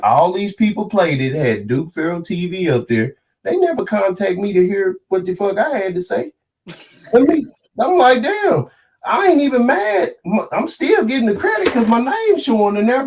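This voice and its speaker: A man's voice: sits high, darkish tone, distant mic, a little hiss or hum. A man on a podcast with several other men, talking heatedly and profanely, preaching about what can't be said around kids. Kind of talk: heated casual podcast talk.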